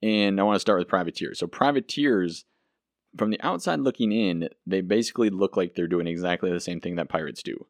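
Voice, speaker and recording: A man talking through a solo history podcast in a chatty, enthusiastic way, poking fun at himself now and then. His voice is low and the sound is dry, with no room echo. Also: brisk. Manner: chatty and enthusiastic, self-deprecating. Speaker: podcast host.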